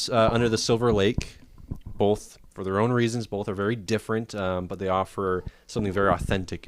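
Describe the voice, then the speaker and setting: Man, podcast host, low voice, laid-back, hesitant with fillers, casual film chat.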